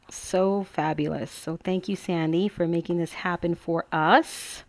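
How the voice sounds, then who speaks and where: A woman's voice: lowish voice, fairly even intonation, normal speed, hardly any pauses, a little mellow, dry recording. Chatty, gushing woman teaching crafts. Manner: chatty and gushing, thinks aloud. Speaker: craft tutorial host. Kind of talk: casual crafting tutorial.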